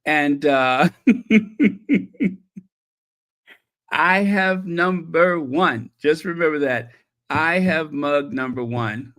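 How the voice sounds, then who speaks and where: A channel host chats casually on a livestream, reacting to viewer messages with plenty of fillers. His voice sits on the high side and sounds sharp, and he speaks slowly.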